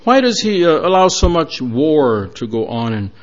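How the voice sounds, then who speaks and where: A man's voice: medium pitch, moderate pace, darkish tone, close to an everyday voice. A man voicing scornful young men who challenge and mock. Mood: challenging. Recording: dull lo-fi recording.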